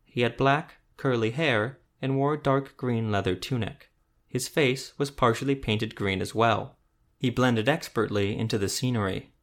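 Steady male audiobook narrator. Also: mid-range voice, normal speed. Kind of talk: scripted narration.

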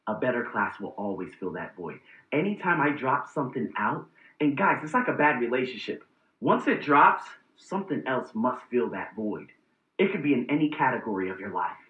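A man hosting a casual vlog, telling personal stories in a blunt, profane, animated way. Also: mid-range voice, normal speed, reverberant, highs cut off. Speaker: host.

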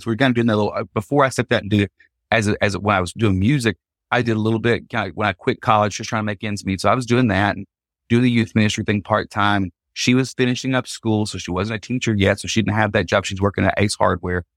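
A man's voice: on the low side, fast, no room sound, studio quality. A man, a guest on a podcast, telling a personal story and acting out the people in it. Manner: animated, acts out quotes in the story. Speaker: podcast guest, Christian singer.

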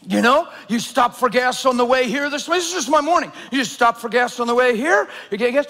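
A high-voiced man preaching in a large church, his words trailing off into a long hall echo. He tells stories with sudden loud, excited bursts, then drops to hushed, earnest tones. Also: fairly quick, few pauses. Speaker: pastor. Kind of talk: sermon.

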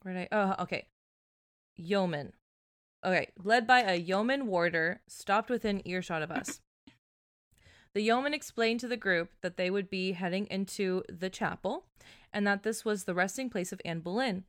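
A woman co-host reads a listener's letter in a casual podcast chat, often dissolving into giggles mid-sentence. Her voice sits at an ordinary middle pitch. The sound is close and dry, with no room around it. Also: normal speed, no room sound. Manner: laughs often, breaks up mid-sentence while reading. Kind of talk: casual chat and story reading.

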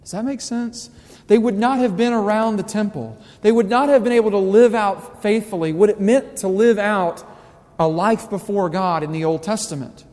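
A man with a drawl delivers a sermon in a church sanctuary, his fairly high voice carrying a long echo through the hall. He talks to the congregation like friends, tossing out rhetorical questions. Now and then he leans hard on a word for emphasis. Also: moderate pace. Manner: conversational preaching with rhetorical questions and sudden loud emphasis. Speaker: pastor. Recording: reverberant hall.

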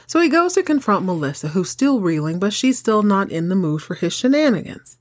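A woman's voice: mid-range voice, big pitch swings, a little fast. Sassy, chatty woman host. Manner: sassy, chatty, wry asides. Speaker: podcast host. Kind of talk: casual soap opera recap.

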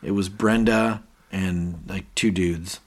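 A man's voice: deep voice, fairly even intonation, slow pace, a little hiss or hum. A man co-hosting a podcast, casually retelling TV scenes and quoting characters. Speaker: podcast co-host. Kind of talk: casual recap chat.

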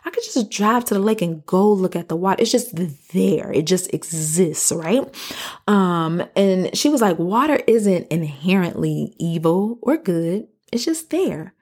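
A woman in her thirties hosting a podcast, telling a personal story in a casual, slangy way and jumping into high-pitched quoted voices. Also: lively intonation, unhurried, darkish tone, husky. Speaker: podcast host.

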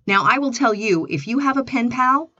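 A woman's voice: fairly high pitch, animated, normal speed, bright, forceful tone. A woman hosting a podcast, telling stories in a chatty, rambling, casual way. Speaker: podcast host. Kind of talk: casual monologue. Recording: dull, slightly lo-fi dry recording.

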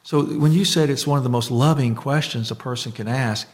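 A man's voice: mid-range voice, brisk. A man in casual conversation about faith, telling a story with lots of restarts and fillers.

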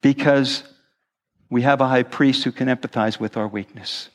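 A man's voice: medium pitch, steady tone, normal speed, soft background music. A male pastor preaching a sermon at a church service, conversational and earnest.

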